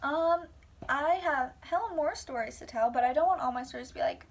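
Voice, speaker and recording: A woman's voice: high-pitched, expressive, brisk, distant mic. Rambling young woman telling a story. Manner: rambling, many "like"s, drops to whispers for asides. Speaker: vlogger. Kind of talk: casual storytime monologue.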